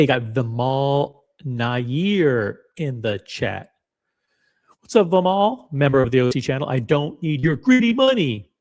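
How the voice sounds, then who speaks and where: A man hosting a live commentary show, talking at an ordinary mid-range pitch. His delivery is dry and sarcastic, full of wry asides as he greets viewers in the chat. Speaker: livestream commentary host.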